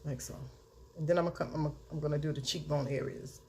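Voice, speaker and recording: A woman talking casually through a makeup tutorial, chatty and unhurried, now and then chanting a catchphrase. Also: low-pitched, fairly even intonation, a little mellow, slight background noise. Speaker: beauty vlogger.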